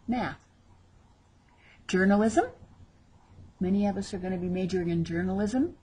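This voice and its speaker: A woman teaching a vocabulary lesson, drawing out each word slowly as she models pronunciation. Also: mid-range voice, expressive, dark tone, husky. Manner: slow, drawn-out model pronunciations. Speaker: Spanish teacher.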